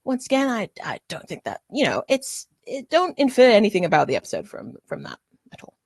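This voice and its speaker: A woman's voice: mid-range voice, wildly swooping pitch, fairly quick, breathy edge, dry recording. A woman hosts a tabletop roleplaying stream as game master, chatty and prone to giggling between lines. Her voice sits mid-range and sounds dry and close, with no room around it. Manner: chatty and giggly, with frequent fillers.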